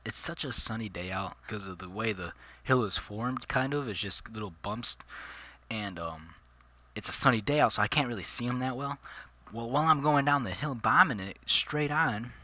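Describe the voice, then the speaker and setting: A man's voice: mid-range voice, normal speed, bright, forceful tone. A man telling a personal story in casual, slangy vlog chat, calling his listeners dude and bro. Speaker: vlogger.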